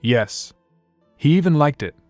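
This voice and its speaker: A man's voice: a little high, animated, unhurried, a little mellow, no echo, soft background music, pitched above the performer's own voice. A man voicing a nervous, flustered grown man in a read-aloud fan story, in his own plain voice.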